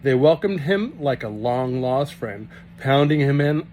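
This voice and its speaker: A man reads a children's novel aloud at home, animated and quick to laugh at the text. A faint hum runs under his voice. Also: medium pitch. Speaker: reader.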